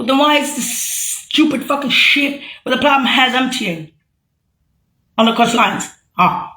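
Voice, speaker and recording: A woman's voice: high-pitched, expressive, a little slow, bright, forceful tone. A woman in a rambling, profane, sarcastic monologue, agitated and mocking. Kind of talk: ranting monologue to camera.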